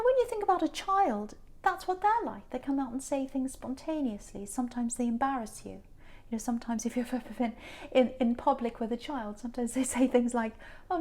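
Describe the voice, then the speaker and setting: A woman reads tarot cards to camera, speaking earnestly and circling back to repeat her points. Her voice sits a little high. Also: mellow. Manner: earnest, repeats herself for emphasis. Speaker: tarot reader.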